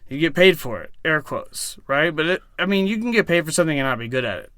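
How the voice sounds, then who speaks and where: A man's voice: a little high, animated, fast talker, pushed and bright, no echo, studio quality. A man who works as a DJ, talking as a podcast guest in a rambling, profane way with lots of fillers. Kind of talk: casual chat.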